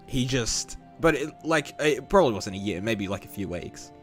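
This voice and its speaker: A man's voice: mid-range voice, animated, moderate pace, soft background music. A man taking part in a tabletop role-playing game, speaking partly in character, rambling and laughing often. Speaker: player.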